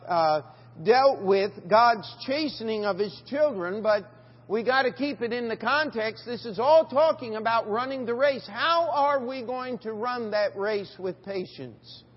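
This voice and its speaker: A man's voice: extremely high pitch, unhurried. A man preaching a sermon in a church, asking the congregation questions and reading scripture aloud in old-fashioned wording. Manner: reads scripture aloud in King James wording. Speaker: pastor. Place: church sanctuary. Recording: dull church recording with long reverb.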